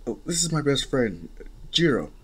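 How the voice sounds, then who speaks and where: A jittery young guy who stammers, restarts and begs, as a man puts him on. His voice rises higher and lively when he pleads. It is part of a fan story one reader voices alone. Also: moderate pace, breathy edge. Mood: nervous. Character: nervous, eager young man begging to join.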